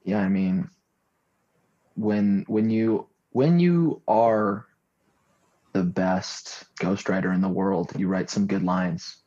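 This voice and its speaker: A young man with a low, slightly husky voice, chatting casually on a podcast. He rambles through stories and slips into deadpan made-up tales. The recording sounds dull and lo-fi. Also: slow.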